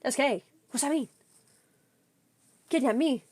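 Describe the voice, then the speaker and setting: A young woman streamer chatting casually with her viewers, telling a story in an excitable, giggly way. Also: high-pitched, measured pace, breathy edge, no echo. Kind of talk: casual livestream chat with viewers.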